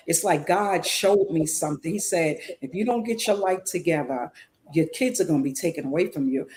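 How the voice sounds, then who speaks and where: A woman's voice: mid-range voice, a little mellow. Earnest, emotional woman sharing openly. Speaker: co-host. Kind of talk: candid personal sharing on a podcast.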